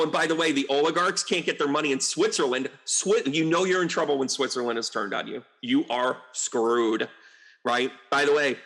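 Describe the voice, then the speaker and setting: With a gravelly, mid-range voice, this man, a psychic medium, delivers a loose political monologue. He's animated and meandering, peppering it with asides, mocking quotations and bursts of exasperation.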